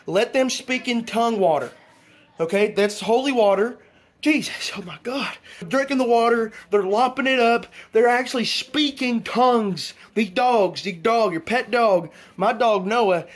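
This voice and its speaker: An actor playing a rambling, conspiracy-minded man, talking in a preachy, stumbling comedy monologue. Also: high-pitched. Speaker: comedy vlog character.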